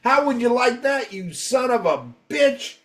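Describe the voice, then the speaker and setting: Man doing a troll voice, angry metal fan, crude, ranting, raised pitch, distant from mic. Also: steady tone, a little fast, darkish tone, close to an everyday voice. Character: furious foul-mouthed male metal fan troll.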